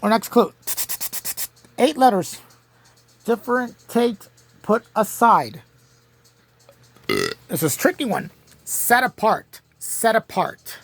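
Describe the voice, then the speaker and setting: Slow, halting woman hosting a quiz. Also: medium pitch, huge pitch swings, vocal fry, husky. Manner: reads clues slowly and spells answers letter by letter; halting, with frequent restarts. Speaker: game show host. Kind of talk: playing a home-made crossword game show.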